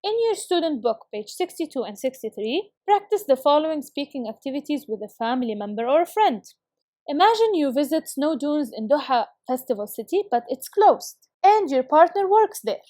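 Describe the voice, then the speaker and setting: A woman teaching an English lesson to schoolchildren on video, reading example phrases slowly and carefully and often praising her students. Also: high voice, sing-song, warm tone, dry recording, clean studio sound.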